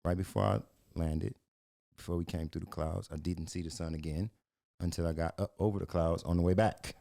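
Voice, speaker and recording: Laid-back American man, low slangy storyteller. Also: fairly even intonation, brisk, gravelly, mellow. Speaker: podcast co-host. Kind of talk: casual podcast storytelling.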